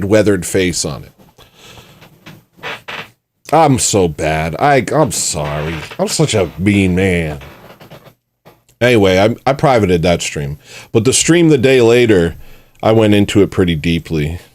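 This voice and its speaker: A man's voice: lowish voice, darkish tone. A man hosting a livestream, talking bluntly and rambling in a self-mocking way. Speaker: livestream host. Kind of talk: casual livestream rant.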